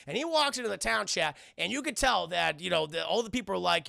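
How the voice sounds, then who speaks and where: A young man recapping a film for his live chat, profane and excitable, constantly addressing the chat. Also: sits high, quick pace, creaky, no echo, studio quality. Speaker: streamer reviewing a film. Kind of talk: casual livestream commentary.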